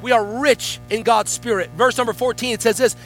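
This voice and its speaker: Fervent high-voiced male preacher. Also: brisk, a bit bright, faint music behind, low-quality recording. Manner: fervent preaching with rising call-outs. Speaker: guest pastor. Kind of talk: sermon.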